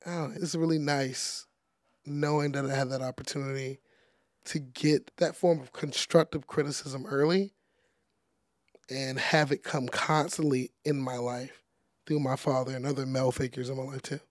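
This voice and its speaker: A young man, a DJ, speaking as a guest in a casual interview, chatty and relaxed with lots of "like" and "you know.". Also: medium pitch, moderate pace, no room sound, clean studio sound. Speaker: podcast guest, DJ.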